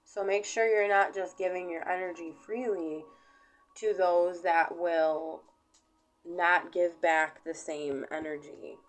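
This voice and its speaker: A woman giving a casual collective tarot reading to camera, talking in an unhurried, rambling way with many fillers. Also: fairly low pitch, steady tone, soft background music, poor audio. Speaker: tarot reader.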